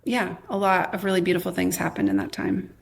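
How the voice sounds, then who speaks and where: A woman in her thirties, a podcast guest candidly telling her own life story, quoting her past self in lively bursts with a lot of "like". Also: lowish voice, fairly quick, vocal fry. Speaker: podcast guest, memoir author.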